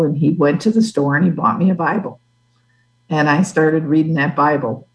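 A woman giving a personal faith testimony as a guest, earnest and halting, with restarts. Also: low voice, steady tone, poor audio. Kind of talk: testimony in an interview.

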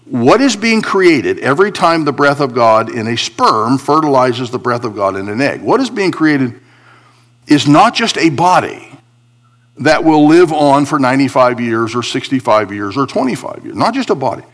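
A man preaching a sermon, swinging between emphatic high points and a quiet confiding tone as he explains Hebrew words from scripture. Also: normal speed. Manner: animated preaching, rising for emphasis, dropping to a confiding hush. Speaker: pastor.

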